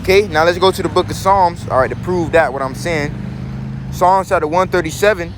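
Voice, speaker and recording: Guy with a pretty high voice preaching, reads bible verses slow then breaks them down, keeps asking all right?, a little bit of background noise. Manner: reads verses slowly, then explains with rhetorical check-ins; emphatic, preachy. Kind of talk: scripture teaching.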